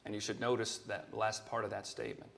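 A man preaching a sermon as pastor, earnest and measured, his voice rising when he quotes scripture. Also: fairly low pitch, little pitch movement, gravelly, fairly bright tone.

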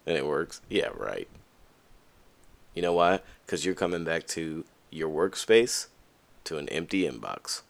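Deep-voiced man with a lively delivery. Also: normal speed, creaky. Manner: candid, animated, acts out quoted voices. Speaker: podcast host. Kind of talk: casual podcast monologue.

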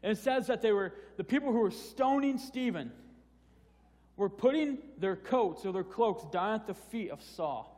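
A man's voice: high voice, expressive, normal speed, darkish tone. A man preaching a sermon in a casual, conversational way, often restarting phrases and repeating words. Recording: long hall reverb.

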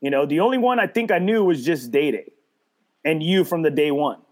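A podcast host chats casually, his voice a little high, his intonation lively and his pace a touch fast. His story is heavy on profanity and stumbling restarts, and he quotes people in a mocking impression.

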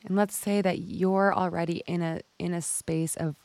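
Woman coach, motivational storyteller who acts out the quoted lines; lowish pitch, fry in the voice. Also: steady tone, normal speed, a little mellow, no room sound. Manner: storytelling, acts out other people's lines, swears casually. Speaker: women's life coach. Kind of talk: motivational talk.

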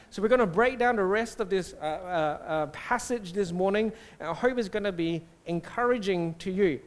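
A man from Singapore, a pastor preaching a conversational, animated sermon. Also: high voice.

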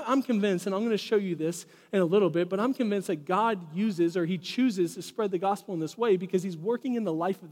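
High-voiced preaching man in a reverberant hall. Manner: animated, conversational preaching with asides. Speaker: pastor. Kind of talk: sermon. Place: church sanctuary.

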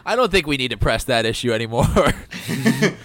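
A man's voice: medium pitch, sing-song, normal speed, fairly bright tone, dry recording. A man playing a tabletop game, giving thoughtful advice to the others. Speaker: player. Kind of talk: casual tabletop role-play.

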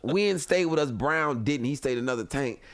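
A man's voice: mid-range voice, expressive, moderate pace, fairly bright tone. A man telling a long comic story as a podcast guest, acting out other people's lines and dropping into whispers. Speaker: guest comedian. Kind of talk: animated storytelling. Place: home podcast room. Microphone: studio mic.

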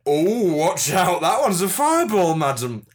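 A man's voice: high-pitched, very animated, unhurried. A man doing a drunk old would-be wizard. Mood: tipsy boasting.

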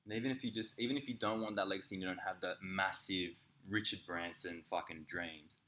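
A man, co-hosting a casual podcast and telling candid, sweary stories with lively impressions. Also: low voice, fairly quick. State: slightly sick. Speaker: podcast co-host. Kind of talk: casual chat.

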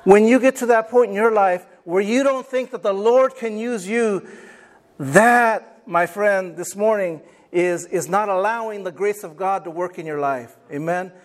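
Male pastor with a high voice, animated, dramatizes quoted voices while preaching. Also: measured pace. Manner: call and response with congregation. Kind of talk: sermon.

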